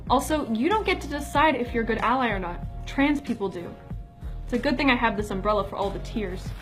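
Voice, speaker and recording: A woman's voice: a little high, lively intonation, a little fast, faint music behind. A woman narrating a scripted explainer video in a firm, lecturing, matter-of-fact way.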